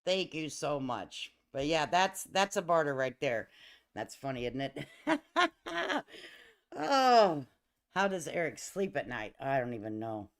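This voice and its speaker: A middle-aged woman hosting a livestream, telling stories in casual chat, laughing often, and talking lively and emphatically to her viewers. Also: low-pitched, slow. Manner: laughs often, lively and emphatic, addresses listeners as honey and baby. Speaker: livestream host.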